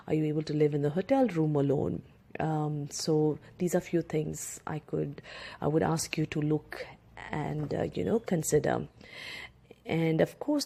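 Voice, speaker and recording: A woman's voice: low-pitched, creaky, warm tone. A woman from India giving career advice as a coach and former cabin crew member, talking chattily with many fillers and restarts. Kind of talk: instructional talk to camera.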